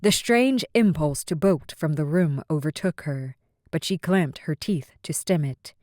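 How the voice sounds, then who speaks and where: A woman narrates a fantasy romance audiobook at an unhurried pace. Her voice sits low and she tells the story in a measured, even way. The studio sound is dry and close. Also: dry recording.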